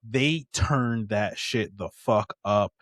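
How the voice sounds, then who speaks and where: A man's voice: on the low side, slow, a bit bright, dry recording. A man co-hosting a podcast in casual chat, swearing freely and laughing with sarcastic asides. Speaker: podcast co-host.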